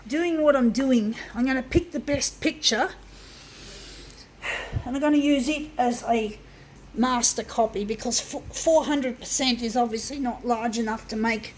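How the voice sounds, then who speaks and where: A woman narrates her own craft demo on a sweltering day, shaking, sweating and venting her frustration to the folks watching. She swears freely and talks herself through setbacks. Her voice sits somewhat high, with faint background noise behind her. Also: rough recording. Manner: swears often, keeps addressing viewers as folks. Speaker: vlogger demonstrating a craft. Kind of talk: frustrated casual monologue while working.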